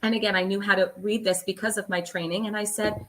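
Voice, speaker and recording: Bright-voiced woman telling her story. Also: medium pitch, little pitch movement, fast talker. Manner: earnest, emphatic. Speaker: guest. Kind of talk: interview storytelling.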